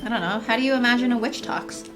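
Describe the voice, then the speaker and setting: A woman's voice: on the high side, quick pace, music in the background. A woman co-hosting a let's play in casual chat, teasing and prodding her partner in a dry way.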